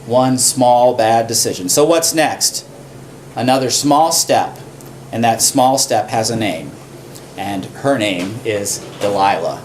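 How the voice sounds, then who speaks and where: A man preaching a sermon as a pastor, telling a story with animated, repetitive emphasis. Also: mid-range voice, takes it slowly, a little hiss or hum. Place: church.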